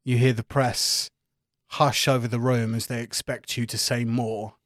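A man from the UK, narrating as game master with an animated, joking manner. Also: mid-range voice, a little slow, no echo, studio quality. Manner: animated, joking, swears casually.

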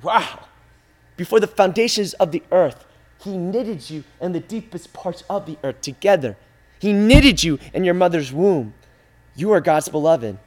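A male preacher delivering an impassioned, repetitive sermon, swinging from hushed, intimate lines to loud, driving ones. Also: sits high, expressive, a little slow.

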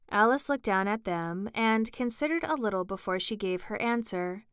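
A woman narrating an audiobook storybook in a calm, even storytelling manner. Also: mid-range voice, moderate pace, few pauses, clean tone, no echo, studio quality.

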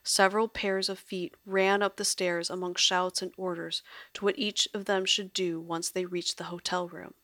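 A woman narrating an audio drama in a measured storytelling way. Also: on the low side, level tone, fairly bright tone, no echo.

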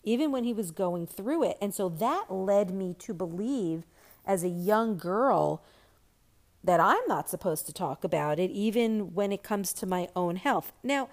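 A woman's voice: mid-range voice, animated, measured pace, a little mellow. A woman talking candidly and reflectively about personal experience, with many fillers and restarts.

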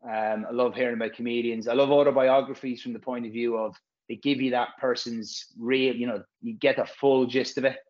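A man's voice: medium pitch, flat delivery, fairly quick, darkish tone, highs cut off. A man, a physio course presenter, chatting casually and frankly, rambling and swearing freely. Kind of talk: casual podcast chat.

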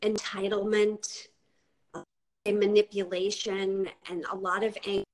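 A woman's voice: mid-range voice, level tone, rough recording. Thoughtful woman podcast host. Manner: thoughtful, slow and searching, with fillers. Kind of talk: interview hosting.

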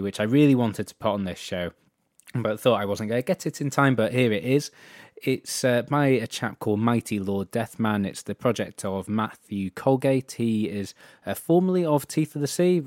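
A man's voice: on the low side, a little mellow, no echo, studio quality. A British man co-hosting a music radio show, chatting casually between tracks in a rambling, self-correcting way. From Britain.

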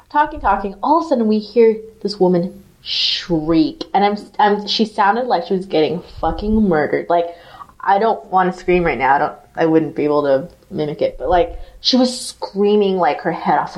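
A woman co-hosting a podcast, telling an animated, profanity-laced story full of "like" fillers in casual chat. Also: on the low side, dull audio. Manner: animated, swearing, lots of "like" fillers. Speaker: podcast co-host.

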